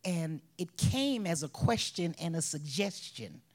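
Woman, bereaved mother, husky voice, emotional personal testimony with soft whispered stretches. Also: lowish voice, animated, measured pace. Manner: emotional, drops to soft whispers, breaks into laughs.

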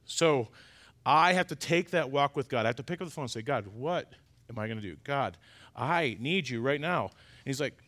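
A middle-aged male pastor preaching a sermon, emphatic, swinging between loud urgent stresses and quiet confiding asides. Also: mid-range voice, animated, moderate pace. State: choked up.

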